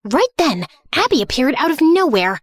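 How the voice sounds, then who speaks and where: Here the young woman is both narrator and heroine of a first-person animated drama, her high voice swooping wildly. Her sassy, sarcastic, dramatic delivery moves at a moderate pace, captured close to the mic with no echo.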